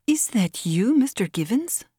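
A woman voicing a proud young ranch woman who speaks in a deliberate, saccharine contralto. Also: fairly low pitch, expressive, darkish tone, slightly rough, dry recording, studio quality. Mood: teasing.

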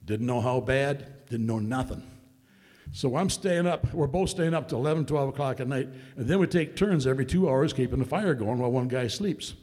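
A man telling a hunting story to a room in a relaxed, folksy way, chuckling as he goes. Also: medium pitch, normal speed. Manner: folksy, drawling, laughs while telling. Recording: long hall reverb.

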